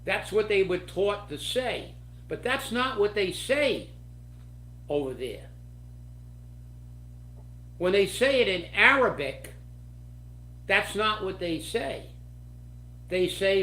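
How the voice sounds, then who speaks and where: A man's voice: high voice, sing-song, slow pace, pauses often, sharp tone, roomy sound, slight background noise, poor audio. A man hosting a political commentary show, ranting with angry indignation.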